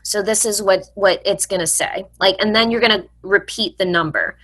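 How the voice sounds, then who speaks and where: A woman's voice: medium pitch, normal speed, fairly bright tone. A woman hosting a personal finance video, talking frankly and casually to her viewers as friends, with lots of "like" and some blunt swearing. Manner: frequent "like" fillers, blunt mild profanity. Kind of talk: casual advice talk to camera.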